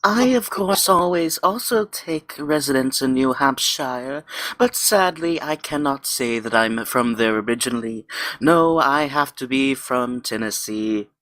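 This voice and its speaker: A man voicing a snooty, haughty wealthy gentleman with a vague foreign accent. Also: medium pitch, animated, no echo. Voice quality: haughty, drawn-out. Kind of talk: improvised comedy role-play.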